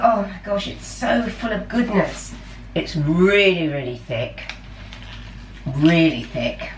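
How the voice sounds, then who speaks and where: A middle-aged woman chats unhurriedly through a home cooking vlog, enthusiastic about her food and quick to poke fun at herself. Her voice sits a little low and she takes her time. The sound is roomy and distant, picked up by the camera across a home kitchen with a faint hum behind her. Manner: chatty, self-deprecating, enthusiastic about food. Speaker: vlogger. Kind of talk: casual vlog chat while cooking.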